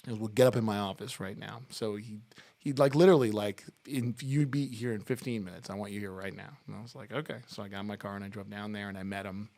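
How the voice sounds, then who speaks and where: A man's voice: fairly low pitch, quick pace, creaky, a little mellow. A middle-aged man, a guest on an interview podcast, telling long anecdotes in a casual way with many restarts and the odd laugh. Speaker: podcast guest, music talent buyer.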